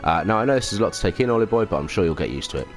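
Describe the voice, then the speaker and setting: A man's voice: lowish voice, lively intonation, racing, voice pushed up, close to an everyday voice. A man reading aloud the lines of a chatty male fairy sidekick, half-heartedly and without an accent. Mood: cheeky. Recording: game music underneath.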